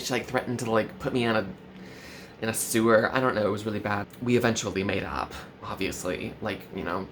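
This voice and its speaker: A man in his twenties doing a mock-earnest parody vlog, full of valley-girl fillers and sudden swoops in pitch. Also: background noise. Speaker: comedy vlogger.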